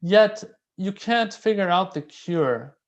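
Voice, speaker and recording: A man giving a casual, conversational religious lecture, animated and repeating key phrases for emphasis. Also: high voice, slow pace, highs cut off. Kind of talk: casual sermon explaining a classical text.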